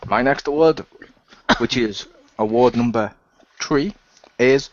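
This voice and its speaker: Joking man on a lo-fi recording. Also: medium pitch. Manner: joking, quick asides with laughs. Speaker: podcast co-host. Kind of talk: casual chat. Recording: dull dry lo-fi recording.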